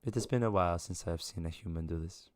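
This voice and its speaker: A man voicing an aloof, dry-witted woman who speaks in a measured, deadpan, quiet way in a tabletop game. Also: low voice, pitched below the performer's own voice, lightly acted.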